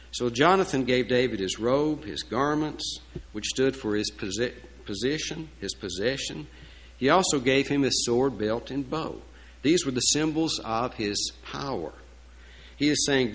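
A man's voice: medium pitch, poor audio. A man preaching a sermon in a folksy, emphatic way, with asides and fillers. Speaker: pastor.

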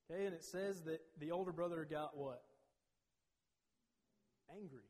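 Male Bible teacher, bit higher pitch, keeps checking "okay?", reverberant hall sound. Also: normal speed, pauses often, a little mellow. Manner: peppers talk with "okay?" checks. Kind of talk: teaching a Bible lesson to a group. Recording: long reverb.

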